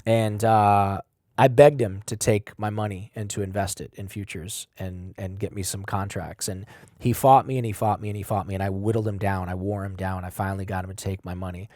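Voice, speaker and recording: A man as a podcast guest, telling a personal story with blunt, profane language and big swings in loudness. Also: deep voice, fairly quick, no echo, clean studio sound. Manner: animated, swings between loud and quiet.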